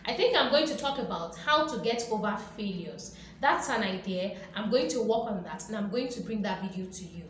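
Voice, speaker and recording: A woman's voice: mid-range voice, animated, a little fast, few pauses. Woman, motivational host, emphatic, repetitive, faint background noise, very echoey room. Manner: emphatic, repetitive and playful, acting out quoted reactions. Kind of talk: motivational talk to camera.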